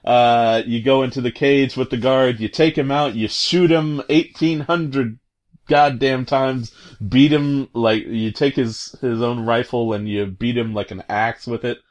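A man's voice: mid-range voice, fairly even intonation, a little slow. A man casually retelling a video game scene, rambling and hesitant, full of fillers and amused asides. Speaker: commentator recounting a video game.

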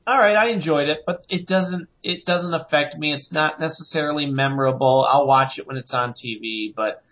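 A man co-hosting a podcast in casual chat, animated and acting out quotes in different voices. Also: on the high side, moderate pace, muffled recording. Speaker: podcast co-host.

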